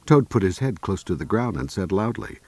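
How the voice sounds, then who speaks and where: A man reading a children's storybook aloud in a slow, clear, expressive way. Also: deep voice, no room sound.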